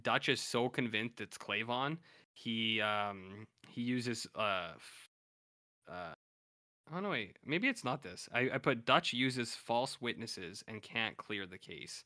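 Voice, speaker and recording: A man's voice: mid-range voice, animated, slow, sharp tone. Chatty man rambling through a recap. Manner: rambling, filler-heavy, quotes characters in loose paraphrase. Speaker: podcast co-host. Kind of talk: casual recap chat.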